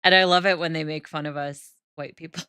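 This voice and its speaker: A Sims gameplay streamer from the northern United States, with an accent close to Canadian, chats casually with viewers while playing the life-sim game and laughs often. Her low-pitched voice is fast, bright and forceful with fairly even intonation, recorded cleanly with no echo.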